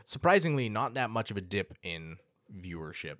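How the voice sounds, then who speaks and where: A man's voice: lowish voice, big pitch swings, moderate pace, a bit bright, no echo, studio quality. A man co-hosting a podcast in casual chat, laid-back and swearing. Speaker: podcast co-host.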